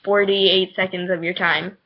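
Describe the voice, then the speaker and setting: A woman's voice: mid-range voice, little pitch movement, unhurried, dull audio, background noise. A teenage girl eagerly chatting and telling a story as co-host, laughing often. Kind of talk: casual storytelling chat.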